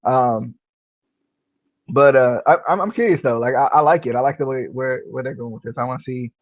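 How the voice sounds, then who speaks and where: A man's voice: medium pitch, fairly quick, dry recording. A man hosting a podcast, chatting casually in a rambling, filler-heavy way and laughing easily. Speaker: podcast host. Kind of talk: casual wrestling review chat. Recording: dull, lo-fi podcast recording.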